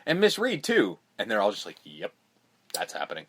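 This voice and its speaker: A man co-hosting a casual film podcast, retelling scenes with quick impressions of the characters, swearing and laughing. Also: on the low side, wildly swooping pitch, fairly bright tone, breathy edge. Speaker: podcast co-host. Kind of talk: casual movie recap chat.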